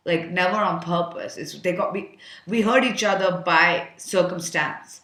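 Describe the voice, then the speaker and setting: A woman's voice: on the low side, a little slow, fairly bright tone, reverberant. A woman giving a casual tarot reading, chatty and frank, thinking aloud with many fillers and an occasional curse. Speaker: tarot card reader.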